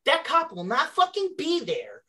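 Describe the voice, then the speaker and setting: A woman's voice: sits high, normal speed. A woman in casual chat telling a story with exasperated sarcasm, swearing and acting out both sides of an argument. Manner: animated, swears, acts out both sides of a dialogue. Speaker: storyteller on a talk show.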